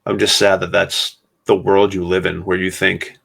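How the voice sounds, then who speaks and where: A man hosts his own podcast in a low, gravelly voice with a lot of vocal fry. He talks solo, somber and sarcastic, stopping often mid-thought. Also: level tone, a bit bright. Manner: somber, sarcastic commentary with many pauses. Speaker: podcast host.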